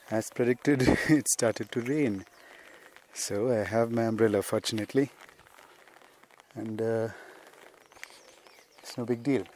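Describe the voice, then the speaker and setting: A man's voice: medium pitch, darkish tone. A man recording an unscripted podcast lesson outdoors on a hillside, talking in a rambling, conversational way. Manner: conversational, rambling, with frequent "you see". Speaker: spiritual teacher and podcast host.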